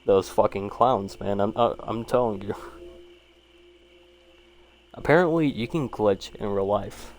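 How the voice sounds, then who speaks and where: A man's voice: fairly low pitch, unhurried, long pauses, a little mellow, slight background noise. A man casually reading short horror stories aloud and rambling about each one, with lots of fillers and swearing. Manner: rambling, laid-back, swears, frequent fillers.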